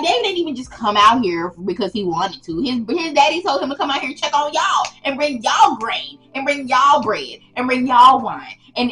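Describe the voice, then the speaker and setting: A woman's voice: fairly high pitch, a bit bright, poor audio. A young woman retelling a Bible story in a casual, slangy, playful way as the host of her channel.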